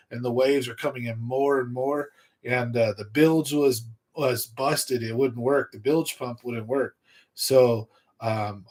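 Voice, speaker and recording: A young man hosting a fishing livestream, telling a story in a casual, slangy way and acting out his own thoughts. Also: mid-range voice. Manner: animated storyteller, slangy, acts out his own inner voice loudly. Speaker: fishing channel host. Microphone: livestream computer mic.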